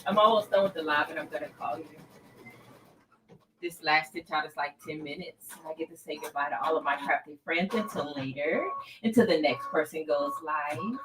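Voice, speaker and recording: A woman's voice: deep voice, normal speed, fairly bright tone, slight background noise. A middle-aged woman hosting a craft livestream, chatting casually and expressively with viewers and calling them by name. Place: craft room.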